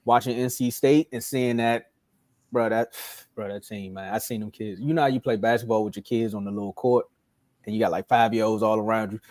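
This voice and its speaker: A man's voice: on the low side, a little fast, dry recording. A man co-hosting a sports podcast, chatting casually and acting out quotes from players and friends. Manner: animated, acts out quotes in other voices. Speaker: podcast co-host.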